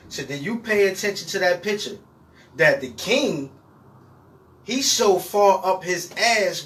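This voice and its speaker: A man's voice: high voice, fairly bright tone, recorded from a distance, low-quality recording. A man guest on a casual podcast, explaining his point in an emphatic, repetitive way.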